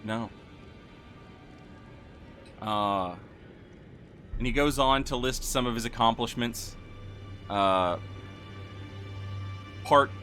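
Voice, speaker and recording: A man's voice: medium pitch, sharp tone. A man streaming a game and telling a rambling story in casual chat, full of fillers and restarts as he builds to a punchline. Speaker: Twitch streamer. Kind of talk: casual storytelling while gaming.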